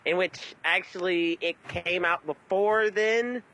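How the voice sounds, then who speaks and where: A man's voice: sits high, takes it slowly, bright, forceful tone, a little hiss or hum, rough recording. A man co-hosting a casual podcast, rambling and restarting as he explains. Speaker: podcast co-host.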